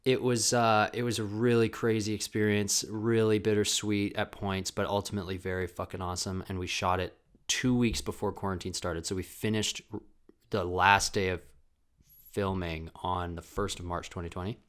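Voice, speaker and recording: A man's voice: lowish voice, level tone, normal speed, clean tone. A young man hosting his own solo podcast from home, talking in a rambling, profane, self-mocking way. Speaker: podcast host. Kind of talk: casual solo monologue. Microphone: desk camera mic with ring light.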